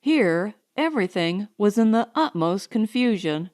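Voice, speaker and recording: A woman narrating a novel as an audiobook in a measured, expressive way. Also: medium pitch.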